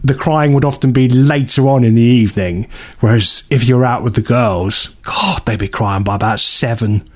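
A man co-hosting a radio chat show, telling stories casually and animatedly. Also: normal speed. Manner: animated storyteller, jumps up high for quoted voices.

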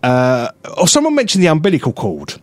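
A man co-hosting a radio chat show, his pitch rising and falling as he tells a story. He laughs through his lines, and his voice sits a little high. The studio sound is dry, with faint music underneath. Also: huge pitch swings, brisk, dry recording. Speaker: radio co-host.

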